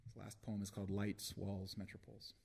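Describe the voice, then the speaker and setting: A man reading his own poems aloud at a live book launch, with deliberate phrasing and long pauses between lines. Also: lowish voice, monotone, vocal fry, darkish tone, breathy edge. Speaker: poet reading his work.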